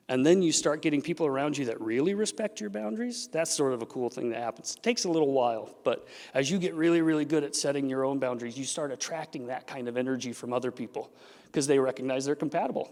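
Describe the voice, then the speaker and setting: Man speaking in a reverberant hall. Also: fairly high pitch. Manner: animated, acts out quoted voices. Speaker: therapist giving a talk. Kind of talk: symposium presentation. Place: event hall. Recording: long reverb of a large hall.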